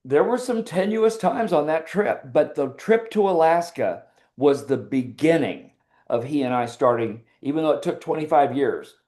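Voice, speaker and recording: An older man, a podcast guest, telling personal stories in a relaxed interview and acting out the lines of others. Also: medium pitch. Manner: animated storyteller who acts out quoted dialogue. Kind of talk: casual interview storytelling.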